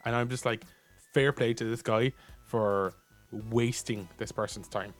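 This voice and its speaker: A young Irish man chatting casually as a podcast co-host, telling a story in a rambling, animated way full of fillers. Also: mid-range voice, unhurried, faint music behind. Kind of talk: casual chat.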